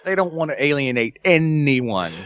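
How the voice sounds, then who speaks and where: A man co-hosting a podcast in casual comedic chat, joking and cursing and drifting into quick tangents. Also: fairly high pitch, lively intonation, a bit bright, clear, resonant tone, no echo. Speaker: podcast co-host.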